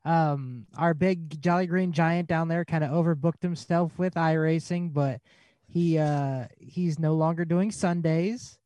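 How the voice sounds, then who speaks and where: Higher-voiced man welcoming podcast listeners. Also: steady tone, measured pace, warm tone, dry recording, lo-fi sound. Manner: jokey, self-deprecating. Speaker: podcast co-host. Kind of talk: casual racing podcast chat.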